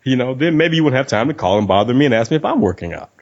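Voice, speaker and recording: A man's voice: mid-range voice, very fast. A man hosting a casual podcast chat, telling stories animatedly, acting out quoted lines, laughing and swearing casually. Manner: animated storyteller who acts out quoted lines. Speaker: podcast host. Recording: dull lo-fi podcast audio.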